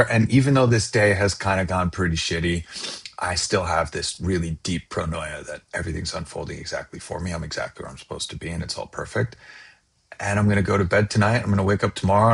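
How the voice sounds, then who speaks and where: A man's voice: low-pitched, fast talker, gravelly, a bit bright, slightly rough. A middle-aged man hosting a live conversation, talking emphatically and swearing casually. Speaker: host.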